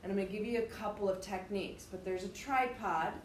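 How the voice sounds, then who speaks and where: A woman's voice: mid-range voice, fairly even intonation, quick pace, slight background noise. A woman teacher giving a direct, emphatic classroom lecture, explaining things to her students step by step. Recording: echoey room, faint ambience.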